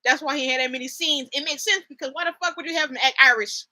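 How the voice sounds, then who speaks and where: A young woman chatting through a TV show in a casual vlog, with a high voice and a very bright, sharp tone. She's animated and slangy, laughs a lot, and keeps breaking into mock accents. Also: fast talker. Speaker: host.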